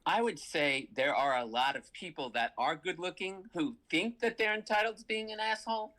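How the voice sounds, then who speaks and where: A participant in a casual book discussion, talking earnestly with a slightly halting delivery. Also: mid-range voice, a bit bright.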